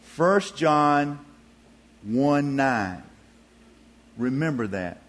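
A man preaching a sermon, telling a story in a folksy, expressive way. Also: medium pitch, extremely slow.

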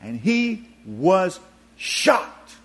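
A preacher tells a story in a folksy, expressive way. His fairly high voice swoops up and down as he speaks. He takes his time and lets the lines linger. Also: drawn-out words. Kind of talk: sermon storytelling.

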